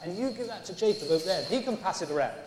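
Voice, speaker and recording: In a big, echoey church hall with a long reverb, a man with a high, animated voice talks rapid-fire over crowd noise. He's leading a playful all-age talk with props, chatting away and coaxing the children along.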